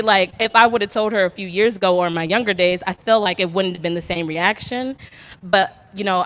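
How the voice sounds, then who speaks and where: Young woman, live storyteller, candid, rambling, laughs often, middle-pitched voice. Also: fairly bright tone. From Detroit. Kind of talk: personal storytelling. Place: barbershop.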